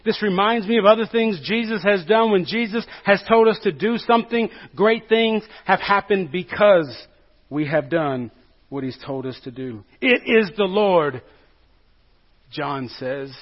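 A man's voice: high-pitched, normal speed. A male pastor preaching a sermon to a congregation in a church, conversational and joking, often asking the listeners questions. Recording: dull lo-fi recording.

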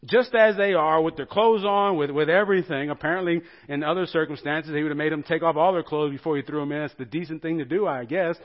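A man preaching a sermon as pastor, telling the story with animated rhetorical questions to the congregation. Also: on the high side, fast talker, few pauses, muffled recording.

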